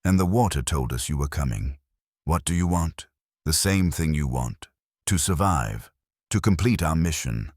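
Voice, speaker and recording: A man voicing a polished, courteous ghost captain of an eighteenth-century British warship who is quietly menacing, in a scripted horror story. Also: very deep voice, lively intonation, normal speed, slightly rough, no room sound, studio quality, exaggerated voice. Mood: silky menace.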